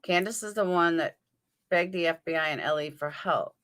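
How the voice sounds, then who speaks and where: A woman's voice: fairly low pitch, moderate pace, fairly bright tone. A woman with a New York accent hosting a livestream, chatting casually and answering her viewers' comments by name as she thinks aloud. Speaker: livestream host. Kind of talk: live chat commentary.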